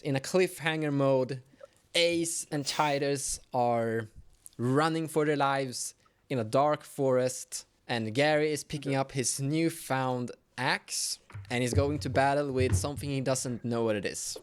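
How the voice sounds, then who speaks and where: A man running a tabletop horror game as game master, narrating in a halting way and searching for words. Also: medium pitch, steady tone, smooth.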